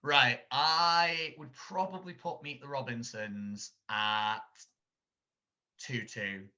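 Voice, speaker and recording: A man chatting about films on a podcast, rambling and animated. His voice is very bright and forceful. The recording sounds dull and lo-fi. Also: mid-range voice, slow pace. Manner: rambling, animated, laughs while retelling scenes. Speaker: podcast co-host. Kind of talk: casual film chat.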